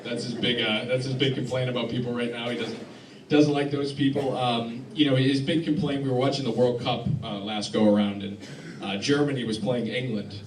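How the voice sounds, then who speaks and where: A man performing a deadpan stand-up set in a club, halting and restarting often, recorded by a phone in the crowd. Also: mid-range voice, roomy sound, distant mic, a little hiss or hum. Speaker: stand-up comedian. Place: club hall with live audience laughing.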